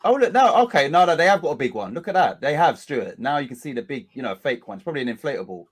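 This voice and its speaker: A man's voice: mid-range voice, big pitch swings, fast talker, husky. Rambling man hosting a stream. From England. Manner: rambling, chatty, self-correcting. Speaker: watch-along host. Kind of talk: casual live-stream chat.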